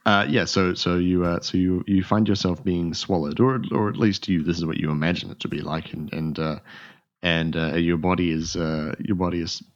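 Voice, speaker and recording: A man's voice: deep voice, fairly even intonation, normal speed. A man narrating as game master, rambling with many fillers and restarts. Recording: dull lo-fi audio.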